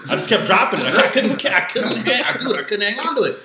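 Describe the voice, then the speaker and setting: A young man and former high school football player, chatting as a guest in a lively, laughing way and swearing freely. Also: quick pace. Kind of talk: casual chat. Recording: echoey room with faint noise.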